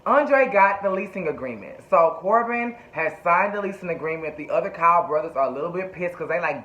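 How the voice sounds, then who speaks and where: A sassy, chatty man recaps a TV show, cursing freely. His voice is fairly high and bright and tense. It sounds dull and lo-fi in an echoey room. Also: animated, a little fast, hardly any pauses. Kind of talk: casual TV recap.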